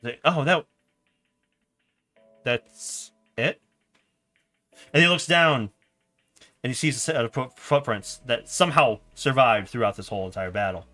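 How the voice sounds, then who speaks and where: A man narrating a story in a board game on a stream, laughing and animated. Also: medium pitch, brisk, faint music behind.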